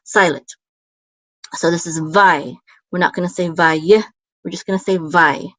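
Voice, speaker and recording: A woman with a fairly low voice gives a patient, step-by-step language lesson. She sounds out syllables slowly and repeats them, stopping now and then to correct herself. The recording is close and dry, with no room sound. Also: fairly even intonation, sharp tone, no echo, muffled recording. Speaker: Hebrew teacher.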